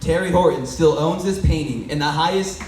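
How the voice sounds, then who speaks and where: A man's voice: on the high side, normal speed, darkish tone. Man telling a story in an echoey hall. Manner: asks the audience questions, loose and conversational. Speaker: speaker addressing an audience. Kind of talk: sermon-like storytelling talk. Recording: echoey hall, mic far off, faint background noise.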